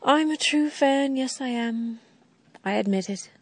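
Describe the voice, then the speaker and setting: A woman's voice: high voice, measured pace. A woman reading a scripted tribute with wry, dramatic phrasing. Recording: theme music under the voice.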